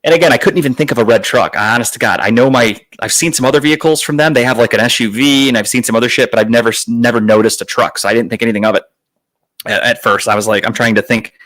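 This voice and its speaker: A man's voice: medium pitch, quick pace, fairly bright tone. Rambling, swearing man telling a story. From Northeast Ohio, USA. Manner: rambling, self-deprecating, frequent swearing. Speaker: podcast host telling a story. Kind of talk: casual storytelling monologue.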